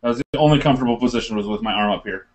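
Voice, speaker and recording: A man on a casual podcast, excitedly telling a story and acting out the quotes with plenty of laughter. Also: medium pitch, racing, a little hiss or hum. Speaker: podcast guest.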